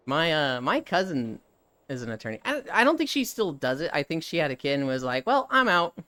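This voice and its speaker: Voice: mid-range voice, sing-song, normal speed, long pauses, fairly bright tone. A live streamer in casual chat who rambles, swears freely, laughs often and answers chat as they go.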